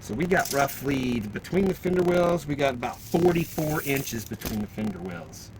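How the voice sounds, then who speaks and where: Gravelly and medium-pitched, with lively intonation and normal speed, a car audio vlogger walks around a car outdoors amid background noise. He's out of breath, rambling in a plain-spoken way to his "guys" about what he has planned for the car in this casual walkaround vlog.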